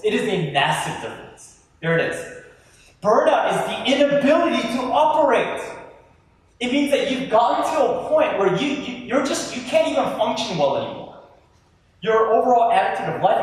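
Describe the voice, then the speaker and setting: A man speaking to a live audience in a big hall, his pitch riding high and swinging widely as he jokes and teases. The sound is roomy with long reverb, and the mic is some distance away with faint noise behind him. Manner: animated, self-deprecating, joking with the crowd. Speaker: youth speaker. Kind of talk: humorous talk to a live audience. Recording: echoey hall from far off.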